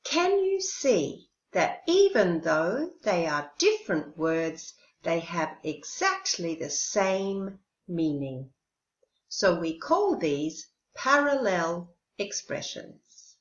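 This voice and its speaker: A woman teaching an English lesson, speaking slowly and carefully and modelling pronunciation clearly. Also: on the low side, very animated, a little hiss or hum. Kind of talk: recorded language lesson. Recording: roomy, dull lo-fi sound.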